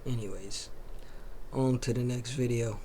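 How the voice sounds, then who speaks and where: A man hosting a reaction video, commenting casually in a slow, drawn-out way and swearing freely. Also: mid-range voice, fairly even intonation, dark tone, slight background noise.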